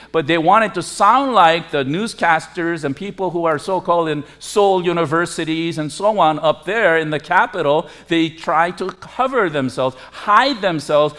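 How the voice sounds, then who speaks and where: A man preaching a sermon as pastor, emphatic, with forceful rising peaks on key words. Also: a little high. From lived in Korea.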